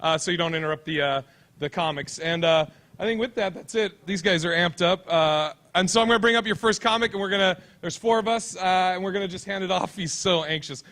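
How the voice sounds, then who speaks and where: A man's voice: sits high, brisk, a bit bright. A man hosting a comedy show on stage, making easygoing announcements full of fillers before introducing the first comic. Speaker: show host and emcee.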